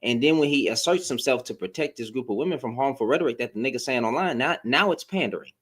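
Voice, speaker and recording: A social media commentator rants to his followers in a fast, husky, somewhat bright medium-pitched voice with lively intonation. He's blunt and profane, repeating himself and restarting lines as he works himself up into exasperated outbursts.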